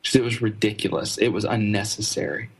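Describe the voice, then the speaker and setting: A man with a slightly husky, breathy voice, speaking as a guest trainer. He tells stories earnestly and with animation, often restarting his sentences. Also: on the low side, fairly even intonation, fast. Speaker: ministry fundraising trainer, guest. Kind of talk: conversational storytelling interview.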